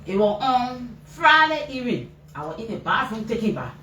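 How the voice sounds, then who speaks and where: Speaking to reporters at a moderate pace, a mother with a Liberian English accent gives an emotional account of what happened to her son. She tells it animatedly, acting out people's shouted words as her pitch leaps up and down. The mic is distant in a roomy space, with faint background noise.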